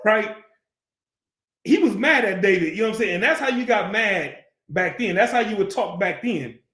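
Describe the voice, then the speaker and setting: A man's voice: high voice, lively intonation, normal speed, fairly bright tone, reverberant. A man teaching a Bible class, keeps asking the class questions and acts out the story in street slang.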